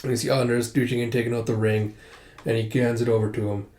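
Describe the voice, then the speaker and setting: A man's voice: mid-range voice, level tone, fast, a little mellow. A man casually narrating a comic readthrough, chatty and full of asides. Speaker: comic reader. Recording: roomy echo.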